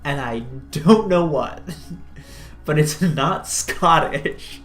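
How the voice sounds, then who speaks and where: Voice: medium pitch, expressive, drawn-out words, fairly bright tone. A streamer casually chatting over a narrative game, laughing and commenting on their own accents and greeting chat, who also plays the innkeeper in a near-natural voice. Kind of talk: casual let's-play commentary. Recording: echoey room with faint music.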